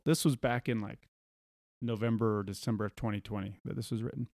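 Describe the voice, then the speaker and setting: A man's voice: lowish voice, steady tone, a little fast, creaky, darkish tone, no echo, clean studio sound. A man co-hosting a casual podcast, reading news quotes aloud with sarcastic asides. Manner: reads quotes aloud, sarcastic, laughs often. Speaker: podcast co-host. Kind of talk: casual conversational commentary.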